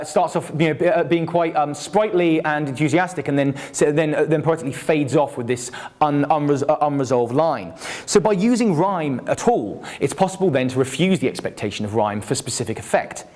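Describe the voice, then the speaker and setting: A man giving an academic talk, halting and hesitant, with frequent restarts and fillers. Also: a little high, darkish tone. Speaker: university lecturer.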